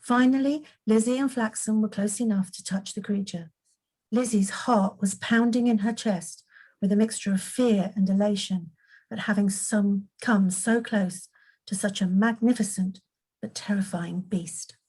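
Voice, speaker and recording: A woman reading her own fantasy story aloud in an unhurried way, now and then correcting a slip. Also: mid-range voice, steady tone, warm tone, breathy edge, poor audio. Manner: unhurried, occasional slips and self-corrections.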